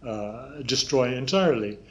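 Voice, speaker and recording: A male guest commentator with a voice of middling pitch, laying out his analysis in an interview. He hesitates often, with frequent fillers and broken-off phrases. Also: expressive, unhurried. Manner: hesitant, many fillers and restarts.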